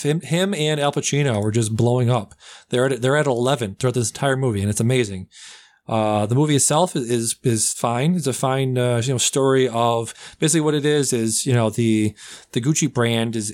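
A young man casually reviewing movies on a podcast, rambling and slipping into loud, comic put-on accents. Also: mid-range voice, moderate pace. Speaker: podcast host.

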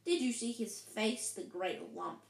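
A woman's voice: fairly high pitch, measured pace, vocal fry. A woman reading aloud and voicing a sneering, spiteful schoolboy bully in a mocking tone, in a roomy space. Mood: taunting. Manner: mocking, taunting. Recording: roomy echo.

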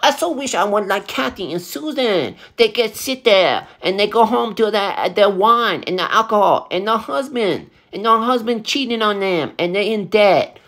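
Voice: mid-range voice, animated, normal speed, few pauses, a bit bright, voice pushed up. A speaker playing a smug, gleeful salon worker. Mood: mocking.

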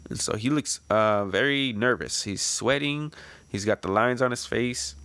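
A man's voice: lowish voice, moderate pace, fairly bright tone, dry recording. A man casually reading a comic page by page, speculating aloud with lots of fillers. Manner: chatty, speculative, many fillers. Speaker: comic reader and reactor. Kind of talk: casual read-through with commentary.

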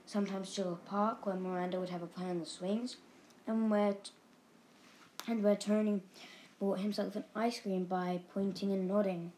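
A woman reads a children's storybook aloud in a lively, expressive voice of middle pitch. A faint hiss runs under the recording. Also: low-quality recording. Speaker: narrator. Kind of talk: storybook reading.

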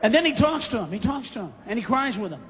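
A man doing a stand-up comedy routine, ranting and swearing, breaking into shouted impressions. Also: sing-song, fast talker. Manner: profane, ranting, shouts into high-pitched impressions. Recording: live hall with audience, faint crowd noise.

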